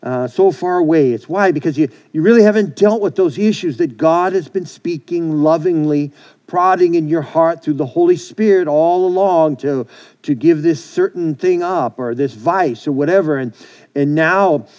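A male pastor delivers an earnest sermon, circling back and repeating phrases as he goes. His voice sits a little high but has a warm, mellow tone. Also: moderate pace. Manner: repetitive, earnest preaching with many restarts.

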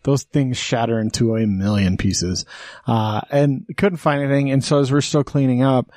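A podcast co-host tells a story in casual chat, swearing often and growing animated. His voice has an ordinary pitch and moderate pace, and the recording is dry and close with no room sound.

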